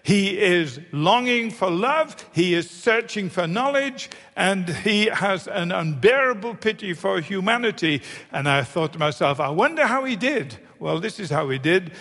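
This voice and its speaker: Male preacher, high voice, pushes his points hard, long echo in a big hall. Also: lively intonation, unhurried, few pauses, fairly bright tone. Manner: emphatic, repeats phrases for effect. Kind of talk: sermon.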